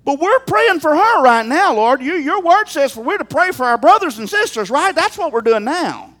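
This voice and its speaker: A man preaching a sermon from the pulpit in a strikingly high voice. His pitch leaps up and down as he tells stories. He keeps turning to the congregation with rhetorical questions. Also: very animated, normal speed, pushed and bright. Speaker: pastor.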